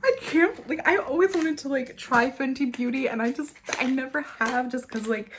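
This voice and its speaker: A young woman vlogging a beauty unboxing, gushing and tearful with excitement, talking straight to the camera. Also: sits high, moderate pace, few pauses, slight background noise.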